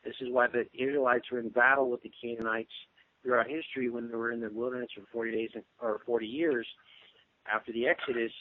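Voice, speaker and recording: A man who is a guest on a radio show, explaining at length in a steady, lecturing way with frequent ums. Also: mid-range voice, fast, a little hiss or hum. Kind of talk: casual radio interview talk. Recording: dry tinny phone-line sound.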